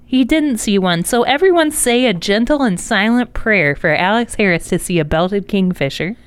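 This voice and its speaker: A woman's voice: medium pitch, animated, moderate pace, clean tone, dry recording. A woman co-hosting a podcast in casual chat, talkative and loose, swearing now and then. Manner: chatty, swears casually, laughs often. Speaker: podcast co-host.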